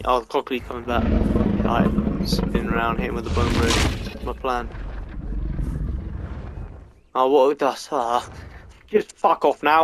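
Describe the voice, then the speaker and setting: A man giving let's-play game commentary, swearing a lot and swinging between frustration and excitement. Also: mid-range voice, slight background noise. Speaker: gamer.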